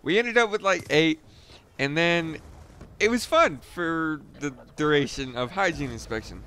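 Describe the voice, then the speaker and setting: A man's voice: on the high side, animated, unhurried, fairly bright tone, slight background noise. A young man casually retelling a boot camp story, loose and profane, chuckling now and then. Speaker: storyteller, former Marine recruit.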